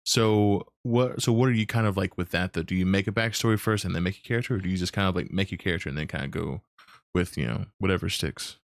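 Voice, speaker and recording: A casual, rambling man with a low voice. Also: quick pace, vocal fry, no room sound, studio quality. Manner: rambling, searches for words, many restarts. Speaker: podcast host. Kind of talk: casual interview chat.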